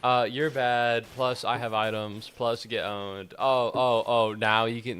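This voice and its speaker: A man streaming himself playing an action game, commenting casually, excitable, swearing and joking at the game. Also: mid-range voice, measured pace, few pauses, clean tone.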